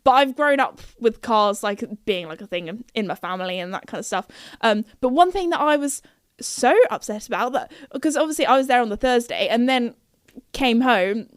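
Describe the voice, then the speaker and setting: A woman's voice: on the high side, animated, moderate pace, no room sound, studio quality. A young woman hosting a podcast, chatting in a bubbly, rambling way, full of fillers. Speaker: podcast host. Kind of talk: casual chat.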